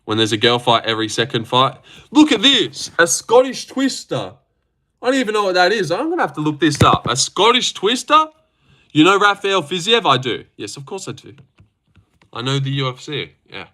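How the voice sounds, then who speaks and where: A young man hosting a casual livestream, reacting to fights in a loose, sweary, excitable way into a desk mic. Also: a little high, normal speed. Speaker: livestream host.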